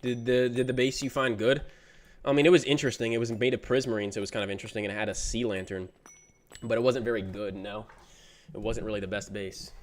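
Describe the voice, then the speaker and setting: A young man streaming games speaks quickly in a fairly low, steady voice. Reading his chat aloud, he responds in a laid-back, slang-heavy way and says "bro" often.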